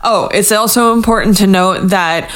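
A podcast co-host recapping a show in relaxed, casual chat, with a smooth, clear voice at a middling pitch. The delivery is dry and wry, walking steadily through the plot. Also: normal speed.

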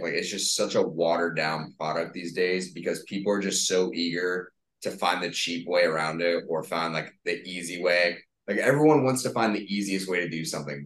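Deep-voiced young guy in a roomy room. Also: fairly bright tone, slight background noise. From Florida, USA. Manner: loose, filler-heavy talk, says "like" constantly. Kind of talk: casual podcast chat. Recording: roomy echo.

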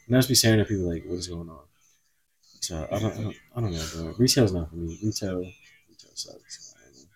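A man's voice: low voice, fast talker, a little mellow, husky. A young man co-hosting a podcast, chatting casually and telling rambling, laid-back stories. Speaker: podcast co-host. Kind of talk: casual chat.

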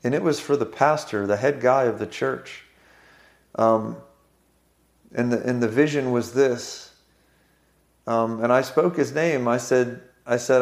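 A man's voice: medium pitch, a little slow, gravelly, long pauses. A man preaching, telling a story with frequent fillers and restarts. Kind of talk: sermon testimony.

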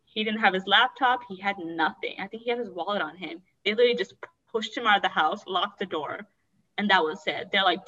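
A woman's voice: medium pitch, fairly quick, sharp tone, distant mic, lo-fi sound. A woman candidly recounting a painful personal story in a rambling, emotional way. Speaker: guest sharing her story.

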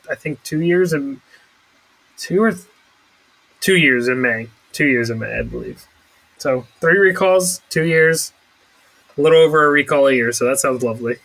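A man's voice: fairly high pitch, a bit bright, poor audio. A young man co-hosting a podcast, chatting casually with rambling, sarcastic asides. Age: young adult. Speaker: podcast co-host. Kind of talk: casual chat.

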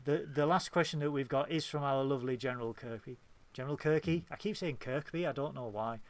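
A man's voice: medium pitch, quick pace, a little hiss or hum. A man with a northern English accent, co-hosting a podcast, reading out fan questions in a casual, giggly, apologetic and playful way. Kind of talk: casual chat.

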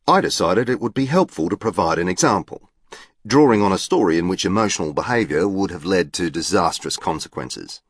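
Low, precise male audiobook narrator. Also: animated, a little fast, slightly rough, no echo, studio quality. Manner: formal, literal, precise. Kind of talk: scripted narration.

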